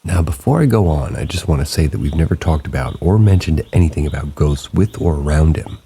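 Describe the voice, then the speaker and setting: A man narrating submitted true ghost stories in a slow, hushed late-night storytelling manner. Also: expressive. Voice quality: very deep gravelly voice. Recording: rain sounds behind the voice.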